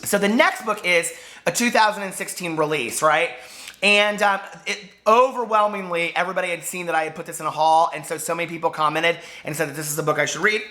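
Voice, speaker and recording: A man chatting to camera as a book vlogger, gushing and full of fillers, hoarse from losing his voice. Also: fairly high pitch, quick pace, sharp tone. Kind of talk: casual chat to camera.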